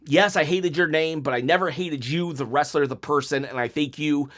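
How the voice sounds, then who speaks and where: A man with a high voice talks straight to his viewers in a heated, emotional rant. He keeps restarting his sentences as his frustration spills out. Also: moderate pace, a bit bright. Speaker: wrestling YouTuber. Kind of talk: ranting reaction vlog.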